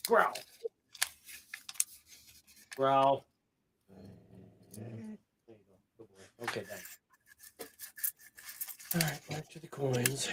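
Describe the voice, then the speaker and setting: A man's voice: mid-range voice, a little hiss or hum. A man hosting a casual livestream, chatting and joking while he barks short, firm commands at his dogs. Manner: chatty and joking, with the odd swear. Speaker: coin-hunting livestream host.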